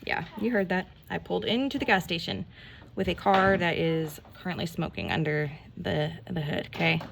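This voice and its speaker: A woman telling a rambling, animated story in a casual storytime vlog while she does her nails, full of "like" and mild swearing. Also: lowish voice, normal speed, slight background noise. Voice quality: gravelly, creaky voice. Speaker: nail vlogger.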